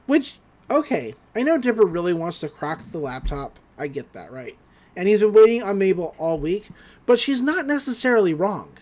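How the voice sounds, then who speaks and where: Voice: medium pitch, big pitch swings, normal speed, a little mellow. A podcast host giving a casual, rambling episode recap, often laughing.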